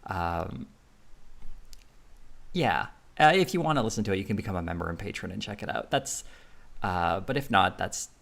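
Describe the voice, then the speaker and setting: A man's voice: sits low, expressive, moderate pace, creaky, pauses often, fairly bright tone. A man streaming live, talking casually in a rambling way with lots of fillers and frequent laughs.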